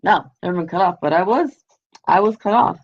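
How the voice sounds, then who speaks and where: A woman's voice: lowish voice, expressive, brisk. A woman telling a story casually on a livestream, rambling and peppering it with "you know", "like" and the odd swear. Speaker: livestream host. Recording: lo-fi livestream audio.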